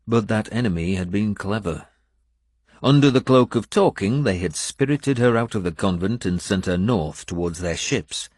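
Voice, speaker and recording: Deep-voiced man narrating a story. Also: animated, normal speed, a little mellow, no room sound, studio quality. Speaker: audiobook narrator. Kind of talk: first-person scripted narration.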